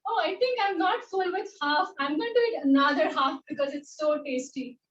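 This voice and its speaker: A woman with an Indian English accent, leading a playful online yoga class for children in an animated, sing-song, encouraging way. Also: sits high, normal speed, lo-fi sound.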